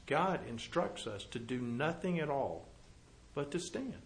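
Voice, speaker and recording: A preacher with a high-pitched male voice works through scripture in a sermon. He reads verses loudly and with emphasis, then drops to hushed, low asides and throws rhetorical questions at his congregation. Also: expressive, a little slow. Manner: swings from loud emphatic reading to low quiet asides. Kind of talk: sermon reading and explaining scripture.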